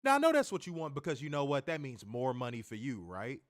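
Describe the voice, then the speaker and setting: A man's voice: mid-range voice, quick pace, no room sound, studio quality. A man co-hosting a wrestling review show, talking in loose, profane banter and mimicking voices. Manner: animated, mimics voices, swears a lot. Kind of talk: casual profane podcast banter.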